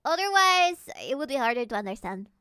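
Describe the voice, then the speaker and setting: A woman from Peru streaming a casual reaction chat, animated and giggly as she translates and explains. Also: high voice, a little fast, dry recording, studio quality.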